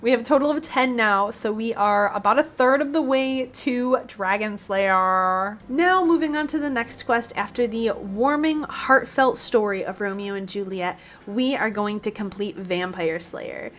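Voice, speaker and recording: A woman's voice: on the high side, measured pace, hardly any pauses, a bit bright. A woman hosting a game walkthrough, chatty and playful, with sarcastic asides. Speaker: gaming video host.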